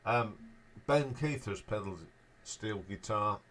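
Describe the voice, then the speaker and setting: A man casually ranking albums as a show host, speaking in a relaxed, offhand way and trailing off at the ends of his remarks. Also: fairly low pitch, takes it slowly, a little hiss or hum. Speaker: music reviewer, show host.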